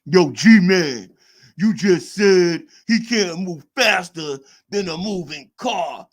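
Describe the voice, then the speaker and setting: A man imitating a brash young male chat commenter who taunts and shouts in a loud, challenging voice. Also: high voice, expressive, slow, full character voice. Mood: taunting. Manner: shouty, challenging, says "yo" a lot.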